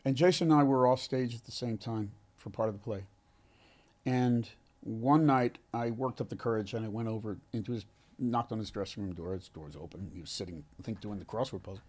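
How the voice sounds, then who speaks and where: A man, an actor being interviewed, telling a heartfelt story in an earnest, halting way with many restarts. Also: on the low side, a little mellow. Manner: halting, frequent restarts and self-corrections. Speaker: actor, podcast guest.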